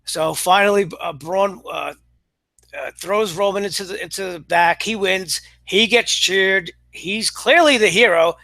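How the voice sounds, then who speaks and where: A wrestling commentator with a high, bright, tense, creaky voice delivers a casual review monologue full of exasperation and sarcasm. He speaks in halting bursts, tripping over restarts and fillers, recorded dry and close with no room around it.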